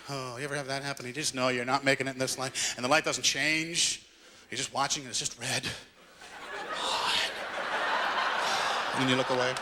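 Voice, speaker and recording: A man's voice: medium pitch, sharp tone, a little hiss or hum. A man doing a stand-up set on a club stage, ranting impatiently and acting out exasperated people. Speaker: stand-up comedian. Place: comedy club stage before a live audience. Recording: live stage recording with crowd laughter.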